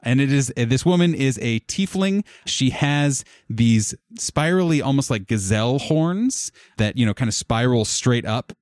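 A man narrating as game master of a tabletop game, describing scenes in a relaxed, rambling way with fillers. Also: mid-range voice, a little slow, hardly any pauses, no echo, clean studio sound.

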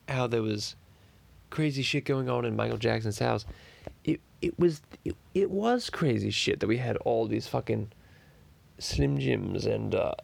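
A foul-mouthed cartoon baby boy rambles crudely from one tangent to the next, as a man does the voice. His voice is heavily gravelly and sits mid-range, in an improvised parody monologue. The sound is dry and close. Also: medium pitch, no room sound.

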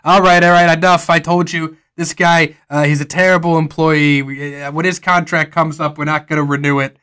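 A man voicing a brusque male sheriff who gives loud, gruff orders. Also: on the high side, level tone, normal speed, pitched above the performer's own voice. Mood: bossy.

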